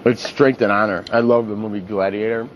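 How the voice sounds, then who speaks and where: A young reality show contestant chats casually with a group, recounting wild nights out in a crude, lively, animated and profane way, his pitch jumping up as he acts out what people said. He talks a little fast. A faint hiss of room noise sits underneath, and the audio is dull.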